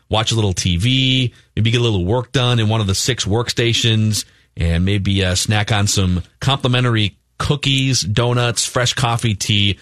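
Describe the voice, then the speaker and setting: A man's voice: fairly low pitch, a bit bright, no echo, studio quality. A man co-hosting a sports talk radio show, chatting casually and reading live ads in a conversational way.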